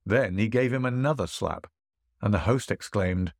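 A man narrating a classic tale in a measured, expressive reading. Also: on the low side, no room sound, clean studio sound. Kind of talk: audiobook storytelling.

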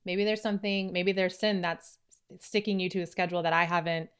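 A woman's voice: on the low side, steady tone, a little fast, clear, resonant tone. A woman co-hosting a faith-based podcast, speaking in an earnest, candid, reflective way. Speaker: podcast co-host.

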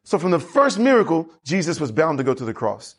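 Husky-voiced man preaching. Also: a little high, brisk. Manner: animated preaching with congregation call-and-response. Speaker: pastor. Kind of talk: sermon.

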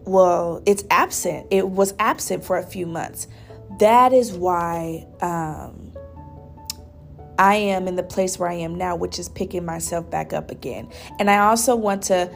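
Soft-spoken gravelly young woman, earnest podcast host. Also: medium pitch. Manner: soft, reflective, earnest, with frequent pauses and restarts. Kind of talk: personal faith podcast monologue.

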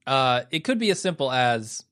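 A man co-hosting a casual podcast, laid-back and quick to laugh. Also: medium pitch, big pitch swings, fairly bright tone. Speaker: podcast co-host.

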